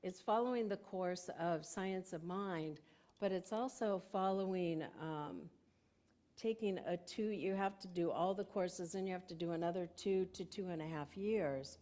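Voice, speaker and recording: A woman's voice: lowish voice, dark tone. An older woman minister giving a conversational sermon in a church sanctuary, telling stories and laughing often.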